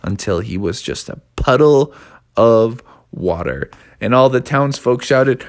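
Animated man telling a children's story. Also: mid-range voice, measured pace. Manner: animated, sing-song, playful. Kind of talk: improvised children's story narration.

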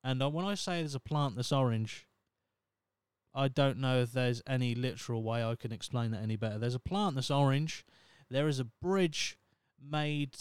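A young man hosts a comedy podcast, reading articles aloud and breaking off into sarcastic, profane rants. His voice is smooth and full-bodied. The sound is dry, with no room around it. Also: medium pitch, dry recording. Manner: ranting, sweary, sarcastic asides. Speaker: podcast host. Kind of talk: casual comedic commentary.

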